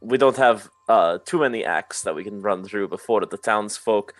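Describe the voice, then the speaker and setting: A man's voice: lowish voice, moderate pace, no room sound, natural voice. A man voicing an orc traveling performer in a tabletop game, speaking in flowery, theatrical sales patter. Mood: smooth-talking.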